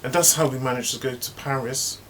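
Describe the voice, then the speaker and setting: A man's voice: mid-range voice, steady tone, fairly quick, a bit bright, a little hiss or hum, voice pushed up, close to an everyday voice, poor audio. A man doing a patient, earnest young woman coworker.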